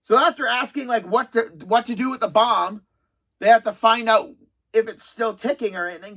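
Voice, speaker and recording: Speaking at a normal speed in a medium-pitched, fairly bright voice, this reviewer in their thirties works through a countdown of favourite TV episodes. They're casual and chatty, rambling and restarting, and call themselves sarcastic with self-aware humour.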